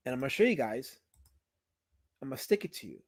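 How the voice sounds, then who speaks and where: A man hosting a livestream, teasing his chat and guest in casual banter, swinging from loud outbursts to mumbled asides. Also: mid-range voice, very animated, fast, husky, no room sound. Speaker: livestream host.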